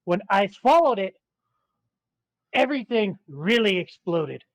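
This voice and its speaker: A man's voice: high voice, sing-song, unhurried, dry recording, rough recording. A man playing in an online tabletop game, chatting casually, swearing freely and rambling. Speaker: player.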